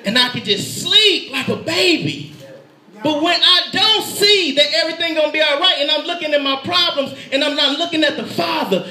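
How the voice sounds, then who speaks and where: A man preaching a lively sermon with an animated, playful delivery, laughing and shouting in bursts. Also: extremely high pitch, normal speed. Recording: echoey room.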